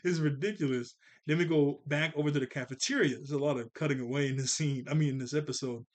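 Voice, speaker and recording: Guy doing a laid-back cartoon recap, kinda high voice, laughs a lot, gets really animated. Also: quick pace. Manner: animated, laughs often, jumps into character voices when quoting. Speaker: cartoon reviewer. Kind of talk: casual episode recap and commentary.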